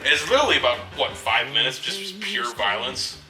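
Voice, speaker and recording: A man with a very bright, ringing voice chats casually about a film, chuckling as he retells scenes. He sits far from the mic in a roomy, echoing space, with faint music playing behind him. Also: medium pitch, big pitch swings, normal speed. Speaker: co-host movie reviewer. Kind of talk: casual movie review chat.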